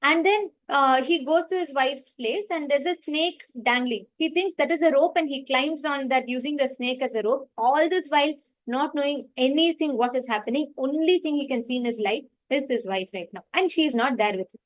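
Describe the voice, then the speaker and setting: A woman's voice: high voice, normal speed, low-quality recording. A woman telling a devotional story in an earnest, unscripted way, full of fillers like "like" and "you know". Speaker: spiritual storyteller. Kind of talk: spiritual storytelling talk.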